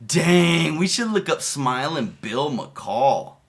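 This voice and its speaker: A man's voice: a little high, expressive, slow pace, gravelly. A man streaming casual, rambling commentary over a video, profane and loose, often laughing as he tells a story.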